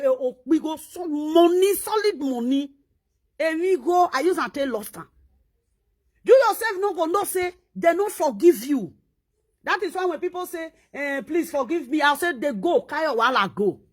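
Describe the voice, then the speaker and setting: A Nigerian woman speaking in an animated, scolding monologue and repeating herself for emphasis. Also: sits high, normal speed. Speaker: social media commentator. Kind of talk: casual monologue in Pidgin.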